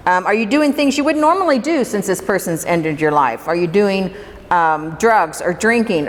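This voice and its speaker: A woman presenting a workshop to a live audience, talking conversationally and putting questions to the room. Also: fairly low pitch. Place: hall with an audience. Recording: reverberant hall, faint room noise.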